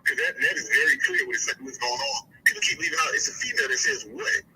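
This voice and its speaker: A man's voice: sing-song, fast talker, vocal fry, bright, forceful tone. A man on a phone call, talking casually and emphatically, rambling as he breaks down his point. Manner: rambling, emphatic, swoops up high when making a point. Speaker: guest commentator.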